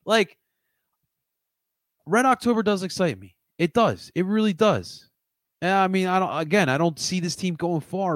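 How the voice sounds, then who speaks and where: A young man from Philadelphia hosting a casual sports livestream, rambling and answering his chat, jumping between loud outbursts and low mutters. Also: animated, measured pace, dry recording. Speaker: livestream host.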